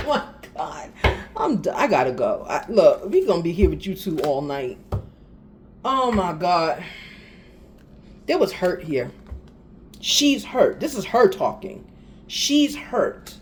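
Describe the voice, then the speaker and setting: A woman gives a casual spiritual reading, talking directly to her viewers in an unhurried way. Her pitch rises and falls widely as she laughs and makes exasperated asides. A faint hiss sits under the voice. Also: very animated. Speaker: tarot reader.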